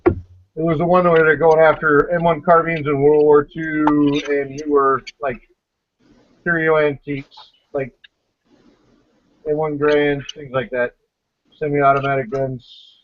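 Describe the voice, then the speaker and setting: A man's voice: fairly high pitch, little pitch movement, a little slow, pauses often, no echo. A man hosting a casual podcast pre-show chat over a voice call, blunt and profane, rambling as he talks. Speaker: podcast host. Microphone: online voice call. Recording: dull lo-fi voice call.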